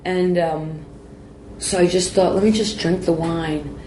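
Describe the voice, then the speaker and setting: Low-voiced woman telling a raw, profane story. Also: fairly even intonation, measured pace, dark tone, a little hiss or hum. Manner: raw, profane, self-interrupting. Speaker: guest. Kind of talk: candid personal storytelling. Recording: echoey room with faint ambience.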